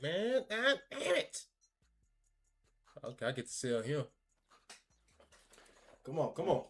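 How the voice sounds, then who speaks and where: A man giving excitable, laughing, slangy pack-opening commentary, talking to the game and cards as he goes. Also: medium pitch. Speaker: gaming video creator.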